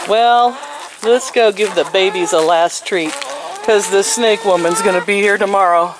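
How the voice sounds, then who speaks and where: A woman's voice: mid-range voice, a little slow, noisy background. Older woman, grandma, casual chat to pets, coos and laughs, outdoors, faint chickens behind. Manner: coos sing-song baby talk at animals; chatty, laughs often. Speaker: vlogger.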